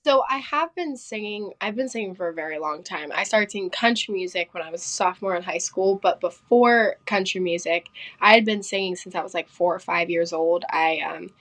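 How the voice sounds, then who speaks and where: A young woman from Pennsylvania, a singer guesting on a podcast, telling stories in a quick, chatty way full of fillers. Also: fairly low pitch, fairly bright tone. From Pennsylvania, United States. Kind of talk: casual interview chat.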